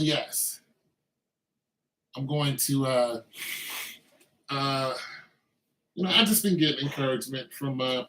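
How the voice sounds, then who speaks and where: A man's voice: mid-range voice, fairly bright tone, reverberant, poor audio. A man, an army veteran, speaking in a casual commentary monologue, loose and conversational with many filler phrases. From Braddock, Pennsylvania.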